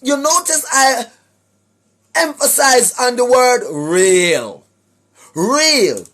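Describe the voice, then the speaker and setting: A Jamaican man giving a preachy monologue to his viewers, emphatic, often shouting, tagging his points with questions. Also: very high voice. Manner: emphatic, often shouting, tags lines with "right?". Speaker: online commentator.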